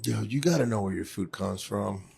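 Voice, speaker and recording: A man's voice: lowish voice, normal speed, creaky, dark tone. A man from Puerto Rico hosting a casual live stream, chatty and rambling as he jumps between topics. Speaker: host. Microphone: phone or camera mic on a live stream.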